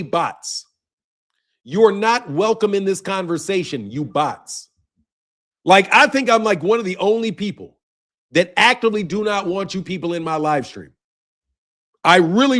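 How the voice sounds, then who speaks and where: A man's voice: high-pitched, a bit bright. A young man hosting a boxing livestream, arguing heatedly with viewers in chat and tacking "bro" onto his lines. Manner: combative, ranting at chat, repeats "bro". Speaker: boxing channel host.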